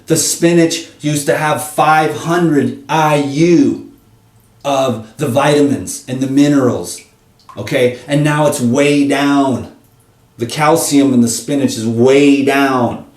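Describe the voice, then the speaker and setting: An impassioned man vlogs in a preachy, animated rant and speaks straight to his viewers. His voice sits at an ordinary pitch. He sounds a step back from the mic in a roomy, echoing space. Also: recorded from a distance. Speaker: vlogger.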